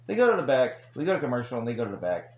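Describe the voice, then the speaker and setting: A man talks through an old wrestling episode in a loose, rambling recap. His pitch sits mid-range for a man, and he keeps breaking into chuckles and blunt, crude side remarks. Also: big pitch swings, rapid-fire, highs cut off. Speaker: wrestling show reviewer. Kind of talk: casual recap monologue.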